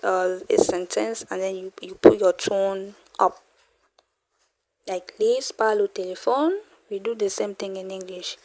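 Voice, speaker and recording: A young woman teaching beginner French online, slowly repeating example phrases and explaining with casual fillers. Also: medium pitch, a little mellow. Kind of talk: casual online language lesson.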